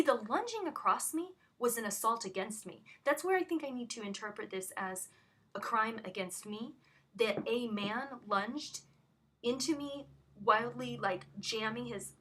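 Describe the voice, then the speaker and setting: On a phone call, a woman with a slightly high, sharp-toned voice recounts an incident in an agitated, rambling way, restarting again and again. The conversation is emotional.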